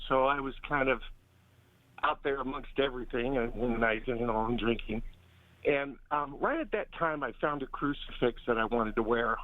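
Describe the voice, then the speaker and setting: A man calling in to a radio show, telling a rambling personal story with halting restarts. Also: mid-range voice, no room sound. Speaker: caller. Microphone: telephone. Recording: phone line.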